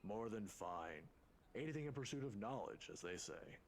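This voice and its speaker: An actor playing an inquisitive older male scholar in a game, gentle, teasing and formal. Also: lowish voice, lively intonation, moderate pace, slight background noise.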